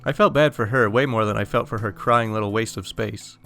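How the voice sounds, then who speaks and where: A man's voice: on the low side, brisk, bright, forceful tone, soft background music. A young man narrating an online story aloud in a casual, exasperated way. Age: young adult.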